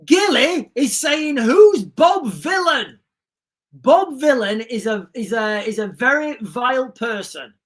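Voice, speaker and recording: A man's voice: extremely high pitch, slow. Rambling man hosting a livestream. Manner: rambling, restarts often, animated asides. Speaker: livestream host. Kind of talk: casual livestream chat reading comments.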